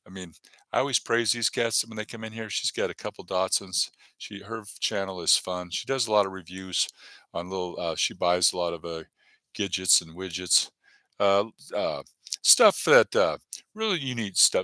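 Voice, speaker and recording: A man hosts his comedy channel on a live stream, rambling casually between jokes and using lots of filler words. His voice is lowish with a sharp tone and no echo.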